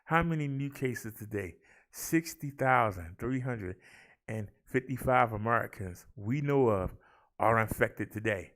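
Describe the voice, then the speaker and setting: Brief: male vlog host, gravelly mid-range voice, theatrical and chatty, addresses the viewers as y'all. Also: medium pitch, animated, measured pace, a bit bright. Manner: theatrical, rolls his R's, talks to viewers as y'all. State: out of breath. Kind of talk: casual chat and daily numbers rundown.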